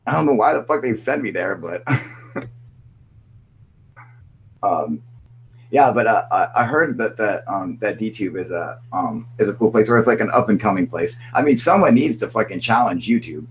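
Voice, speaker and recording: A man's voice: medium pitch, lively intonation, normal speed, vocal fry, long pauses, slightly rough, poor audio. A man hosting a casual live-stream chat, rambling and swearing, calling everyone "dude", sounding burnt out. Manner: profane, rambling, says "dude" constantly. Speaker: channel host.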